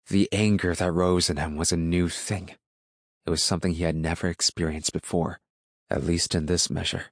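A man narrating an audiobook in a steady, measured way. His voice is very low and deep. The recording is dry, with no room sound. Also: no echo. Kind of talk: scripted narration.

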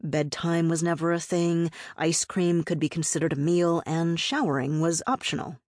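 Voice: mid-range voice, moderate pace, no echo. A narrator reading a personal essay as an audiobook, telling it in a wry, reflective way with dry humor. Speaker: memoir narrator.

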